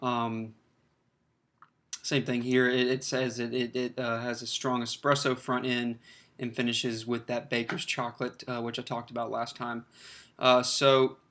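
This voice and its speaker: A man's voice: medium pitch, flat delivery, a little slow, a bit bright. A man giving a casual, rambling beer review, full of fillers and restarts. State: slightly choked up, clears throat.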